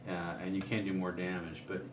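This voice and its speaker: Deep-voiced man explaining guitar setup. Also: a little fast, roomy sound, background noise. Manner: relaxed, thinking aloud with many ums. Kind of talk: casual demonstration.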